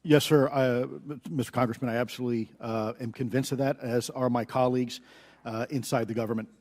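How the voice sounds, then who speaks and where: A man's voice: medium pitch, fairly even intonation, a little fast, a little mellow, big-room sound. A man testifying as an expert witness at a hearing, confident and deferential. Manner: confident, deferential, says sir.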